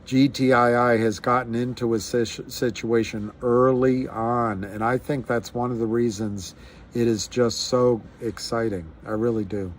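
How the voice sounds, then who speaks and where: A man's voice: medium pitch, fairly even intonation, unhurried, a little hiss or hum. A man hosting a casual livestream, musing aloud in a rambling way with frequent restarts. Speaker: livestream host.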